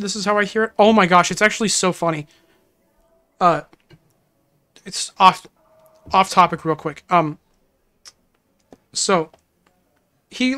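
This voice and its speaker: A woman's voice: mid-range voice, a bit bright. A woman game streamer chatting casually on a livestream, giggly, rambling and easily flustered.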